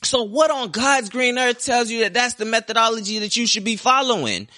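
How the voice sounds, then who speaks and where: Young male podcast host, forceful bright voice, profane sarcastic sports rant, dry close sound. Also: extremely high pitch, animated, fairly quick, no echo. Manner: heated, profane, sarcastic ranting. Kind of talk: ranting sports talk.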